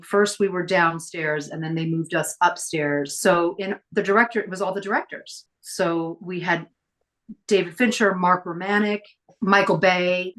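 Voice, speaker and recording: A middle-aged woman telling stories as a podcast guest, chatty and lively as she acts out the people she quotes. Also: fairly low pitch. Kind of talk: casual storytelling interview.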